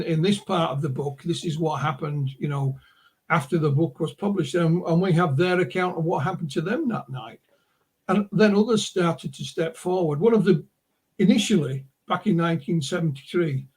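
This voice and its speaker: A man in middle age talks as an interview guest, winding through stories full of asides. His voice sits a little high and has a husky edge. He sounds casual and anecdotal rather than scripted. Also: moderate pace. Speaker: author and publisher guest. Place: remote interview call.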